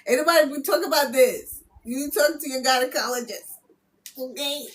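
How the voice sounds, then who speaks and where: A woman reading spiritual messages on a live stream, loud and playful, laughing often as she teases her viewers. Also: high-pitched, moderate pace. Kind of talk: casual live-stream chat.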